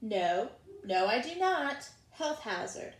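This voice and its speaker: A woman's voice: fairly high pitch, very animated, slow. Lady doing a bossy health inspector lady, curt and fussy, raised voice, echoey room. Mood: officious. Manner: clipped, officious, dismissive. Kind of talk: audiobook character voice.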